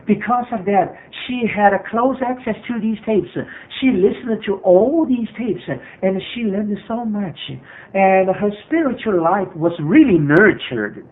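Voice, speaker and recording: A man's voice: sits high, measured pace. A man preaching a sermon as pastor, earnest and repetitive, with frequent hesitations. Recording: tinny phone-like sermon recording.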